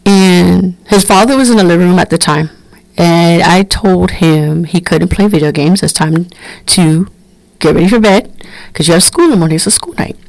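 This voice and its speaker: A middle-aged woman from Brooklyn, New York, hosts a podcast and tells candid stories bluntly in a casual, animated monologue. Her voice sits on the low side with vocal fry, on a low-quality recording without echo.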